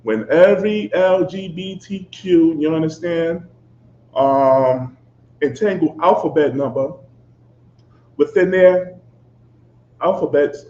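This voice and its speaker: A man preaching a fiery sermon, emphatic and confrontational, constantly checking "you understand?" and swinging between loud outbursts and low asides. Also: slow, pauses often, slight background noise. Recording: echoey, dull, slightly lo-fi with faint ambience.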